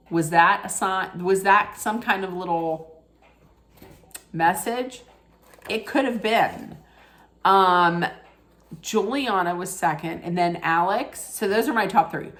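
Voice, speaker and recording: A woman's voice: lowish voice, a bit bright. A woman giving a casual, opinionated recap of a reality dating show, chatty, with frequent fillers and restarts.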